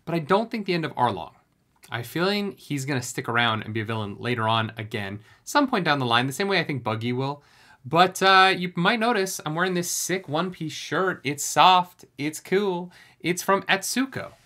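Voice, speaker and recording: A young man hosting a casual anime reaction video, chatty and energetic, now and then singing along loudly. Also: a little high, normal speed. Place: home recording room.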